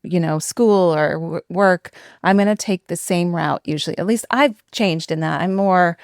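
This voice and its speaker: A woman's voice: fairly low pitch, normal speed, no echo, studio quality. A middle-aged woman co-hosting a podcast, chatting reflectively with her husband and giggling often. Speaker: podcast co-host. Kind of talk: casual chat.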